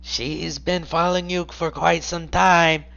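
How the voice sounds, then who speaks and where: A man's voice: a little high, steady tone, unhurried, vocal fry, fairly bright tone, lo-fi sound, pitched above the performer's own voice. Man doing a mocking, drawling henchman.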